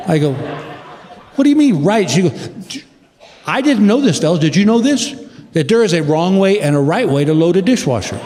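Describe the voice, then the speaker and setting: A middle-aged man telling a stand-up routine, a drawling storyteller who mimics his wife in a higher voice. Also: background noise. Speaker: stand-up comedian. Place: large theater stage. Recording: long hall reverb with loud crowd. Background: audience laughter.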